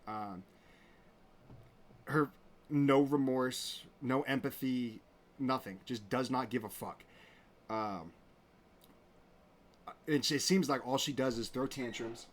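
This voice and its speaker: A man's voice: medium pitch, a little hiss or hum. A man hosting his own show, talking in a rambling, indignant way with many restarts. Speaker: show host. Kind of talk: casual commentary.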